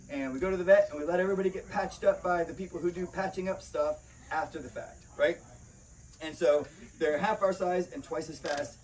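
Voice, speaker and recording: A man's voice: sits high, brisk. Brief: a male dog trainer and podcast host, casual and emphatic instruction, faint background hiss on a slightly distant mic. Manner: emphatic, often checks in with "right?".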